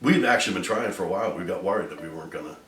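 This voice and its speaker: A man's voice: sits low, rapid-fire, fairly bright tone, recorded from a distance. A middle-aged man telling the story of his marriage in a casual interview, acting out the quotes with bursts of laughter. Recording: echoey room from afar with music.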